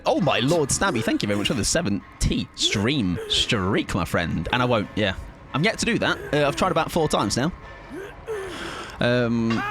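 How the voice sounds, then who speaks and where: A young man streaming a game live, rambling and joking with his viewers, laughing often and breaking into excited outbursts. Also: medium pitch. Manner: rambling, jokey, chats to viewers while playing. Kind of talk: live gameplay commentary with chat.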